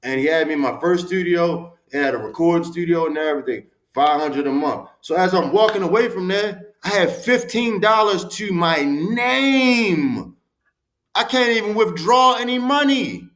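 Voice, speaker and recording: Animated man in his forties. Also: high voice, moderate pace, roomy sound. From Baltimore, USA. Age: 40s. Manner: animated, street-talking, profane, emphatic. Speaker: podcast guest. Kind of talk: candid storytelling interview.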